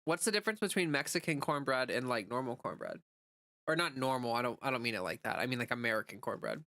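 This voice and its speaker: Woman streamer, casual chatter with viewers; bright, forceful tone; dry recording. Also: very deep voice, lively intonation, fast, dry recording. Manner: chatty, answers chat messages, many "like" fillers. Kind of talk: casual livestream chat.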